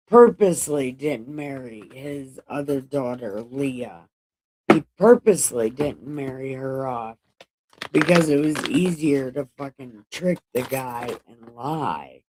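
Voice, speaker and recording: Brief: a woman reading scripture at a slow pace with irreverent, swearing commentary. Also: extremely low pitch, mellow, no room sound. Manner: irreverent, profane asides. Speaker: Bible reading vlogger. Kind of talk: casual Bible reading with commentary.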